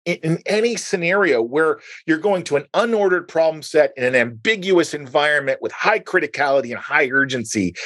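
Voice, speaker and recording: A man's voice: fairly high pitch, fairly bright tone, no echo. Man, podcast host, storytelling, long framing questions, dry sound. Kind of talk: conversational interview.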